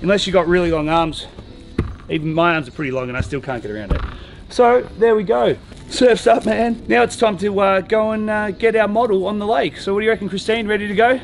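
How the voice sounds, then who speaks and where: Young male vlogger, upbeat and chatty gear-review delivery, high voice, music bed underneath. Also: fairly quick, vocal fry. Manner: upbeat, chatty, thinks aloud while unpacking. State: out of breath after pumping. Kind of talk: casual product review vlog.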